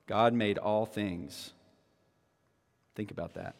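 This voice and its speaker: A man preaching a sermon as pastor, moving between hushed teaching and rising, fervent proclamation. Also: lowish voice, slow pace, vocal fry, pauses often, in a large hall.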